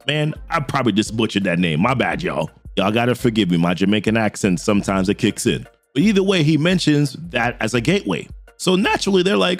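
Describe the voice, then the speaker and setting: Animated comic recap guy, lively pitch. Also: fairly quick, faint music behind. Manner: animated, laughs often, slangy, paraphrases characters loosely. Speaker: comic book recap host. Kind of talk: casual comic story recap.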